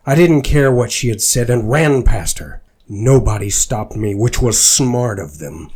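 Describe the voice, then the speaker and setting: A man's voice: medium pitch, darkish tone. A man reading a fan story aloud as a dramatic performance, voicing the narrator earnestly. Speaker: fanfiction reader.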